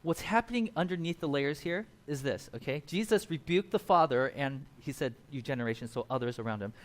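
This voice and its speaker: A male pastor with a voice on the higher side delivers a sermon. He tells the story in a loose, animated way and jumps into quick voices for the people in it.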